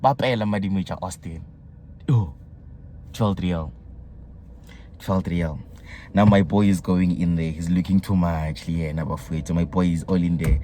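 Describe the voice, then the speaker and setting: In this casual storytelling vlog, a young adult South African man talks through his day at an ordinary speed. His voice is low and deep, he gets worked up and throws in slang and local terms, and there's a slight hiss under the audio.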